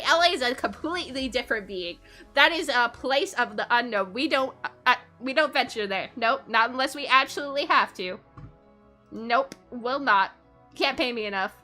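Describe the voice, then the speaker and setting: A young woman with a high, bright voice talks casually to her live chat on stream. She is chatty and giggles often between sentences. Faint music plays quietly under her voice.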